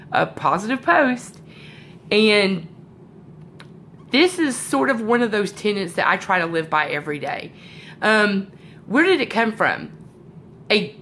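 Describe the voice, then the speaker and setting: A woman with a sore throat talks to her sales team from home in an easygoing motivational chat. Her pitch sits in the middle range, and she wanders through ums and corrects herself as she goes. Faint background noise is heard. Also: a bit bright. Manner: rambling, many fillers and self-corrections.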